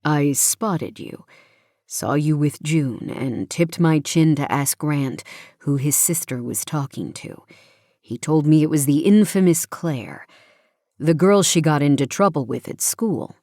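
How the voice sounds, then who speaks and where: A woman voicing a tender young adult man who talks low and gentle, often in a whisper, in an audiobook. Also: unhurried, no echo, clean studio sound. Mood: warm. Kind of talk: audiobook character voice.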